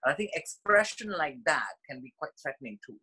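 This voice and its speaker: A man's voice: fairly high pitch, big pitch swings, a little fast, sharp tone, breathy edge, rough recording. A man from India, a dancer guest on a podcast, telling stories expressively with many fillers and restarts. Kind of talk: casual interview storytelling.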